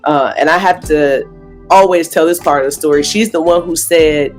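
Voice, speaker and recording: A woman's voice: deep voice, normal speed, faint music behind. A woman in her forties, a basketball coach, giving earnest, reflective interview answers with easy laughs.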